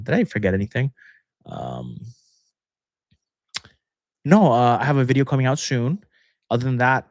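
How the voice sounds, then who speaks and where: A man's voice: medium pitch, no echo, clean studio sound. A young man hosting a casual livestream Q&A as a manifestation coach, chatty and rambling, laughing often between thoughts.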